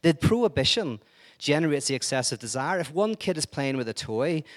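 A man's voice: on the high side, big pitch swings, a little fast. A man giving an informal lecture in a conversational way, joking and acting out quoted speech.

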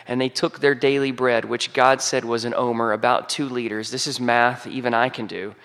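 Folksy Southern preacher with a gravelly voice. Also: male voice, medium pitch, normal speed, hardly any pauses. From Southern United States. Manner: folksy and joking, animated storytelling. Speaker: pastor. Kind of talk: humorous sermon. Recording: long hall reverb.

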